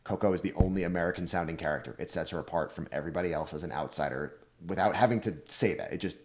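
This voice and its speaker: A man co-hosting a podcast, explaining his views in a measured, analytical way. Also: low voice, darkish tone. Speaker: podcast co-host. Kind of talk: casual chat.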